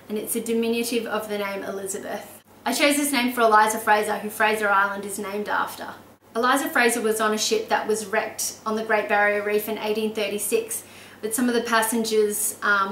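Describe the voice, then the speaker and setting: Aussie woman vlogging, chatty and excited, laughs a lot, mic a bit far off in an echoey room. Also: medium pitch, a little hiss or hum. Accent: Australian. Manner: chatty and enthusiastic, laughs often. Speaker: baby name vlogger. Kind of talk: casual informative vlog.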